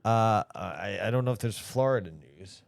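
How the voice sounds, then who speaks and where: A male podcast co-host in a casual comedy chat. His voice swings widely in pitch as he rambles and restarts his sentences. The recording is dry and close. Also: expressive, moderate pace, vocal fry, no echo.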